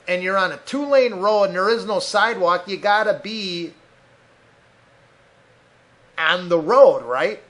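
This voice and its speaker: A man's voice: high voice, a bit bright. A man hosting a podcast, ranting heatedly with constant swearing. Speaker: podcast host.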